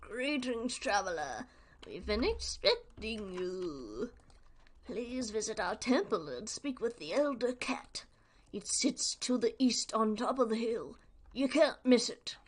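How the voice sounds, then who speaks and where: A woman reading aloud the lines of welcoming temple cats in a game, in a formal, measured way. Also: a little high, very animated, heavily acted.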